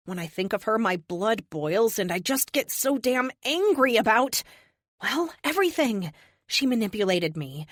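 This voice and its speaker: A woman reads a first-person audiobook with a youthful, wry expressiveness. Her mid-range voice moves lively up and down through the lines. The recording is dry and close, with no room sound. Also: mid-range voice, moderate pace, no echo. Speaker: audiobook narrator.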